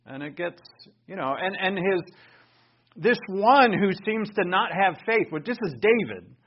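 A man teaching a Bible lesson in sermon style, conversational and animated, raising his voice for emphasis. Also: fairly high pitch, breathy edge. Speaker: pastor teaching. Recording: dull lo-fi recording.

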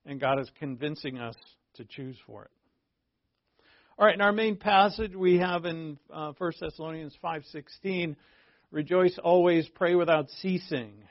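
An animated man preaching in a relaxed, conversational way, slipping into quick acted-out dialogues and chuckling as he goes. His voice sits fairly high for a man. The recording is dry and a little dull, as if on modest equipment. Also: dry recording. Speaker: pastor. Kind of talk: conversational sermon.

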